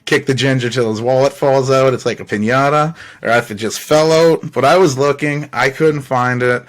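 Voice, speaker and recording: Guy on his podcast, just rambling through a story, swears a lot, laughs here and there, mid pitch. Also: moderate pace. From Canada. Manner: rambling, animated, swears freely, laughs between phrases. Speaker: podcast host. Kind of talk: casual storytelling monologue.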